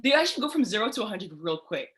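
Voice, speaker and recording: Casting: young woman guest, bright forceful voice in mid range, emphatic and animated. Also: medium pitch, very fast. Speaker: guest poet. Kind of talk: casual chat.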